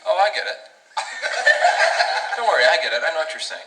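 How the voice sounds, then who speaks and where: A man's voice: fairly high pitch, big pitch swings, moderate pace, a little hiss or hum. A man from the United States performing a live stand-up routine, telling his story in a goofy, mock-earnest way with sudden silly outbursts. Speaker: stand-up comedian. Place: large theatre stage before an audience. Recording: live concert album, echoey venue, distant mic, loud audience. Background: loud audience laughter and ambience.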